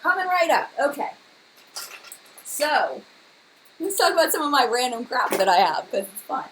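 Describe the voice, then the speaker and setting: A woman's voice: a little high, sing-song, moderate pace, a bit bright, slight background noise, poor audio. A young woman hosting a casual live chat, chatty and emotional, talking to her viewers by name.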